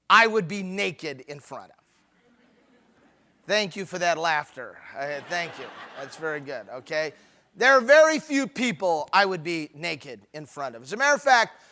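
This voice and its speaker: This man's voice sits high and sounds sharp as he delivers a funny, emphatic marriage-conference talk, swinging between preachy exhortation and jokes.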